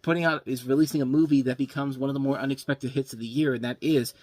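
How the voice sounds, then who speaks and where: A man's voice: medium pitch, fairly even intonation, fast, darkish tone, no room sound. A man hosting a casual movie review show, rambling and tripping over names as he goes.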